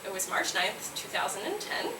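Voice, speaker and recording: A woman from Nova Scotia, Canada, in her late twenties, telling a brash, animated comic story on stage, often laughing at her own lines and yelling punchlines. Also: medium pitch, moderate pace, a crowd in the background. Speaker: solo comedy performer. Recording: roomy, distant, noisy live room recording.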